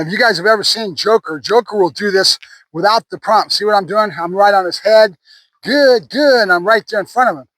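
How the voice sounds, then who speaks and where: A man's voice: high voice, fairly bright tone, low-quality recording. A middle-aged man working as a dog trainer, praising his dog between explanations to viewers. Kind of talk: hands-on training demonstration.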